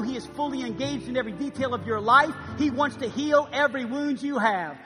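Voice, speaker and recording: A pastor in his fifties preaching a sermon, shifting between hushed, quiet passages and loud, emphatic ones. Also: extremely high pitch, fairly quick, few pauses. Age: 50s. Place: church sanctuary. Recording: live church recording with long reverb and music.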